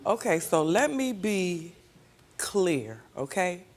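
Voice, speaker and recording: A woman's voice: fairly low pitch, very animated, slow, darkish tone. Defensive grandmother on a talk show. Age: older. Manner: defensive, insistent. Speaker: guest.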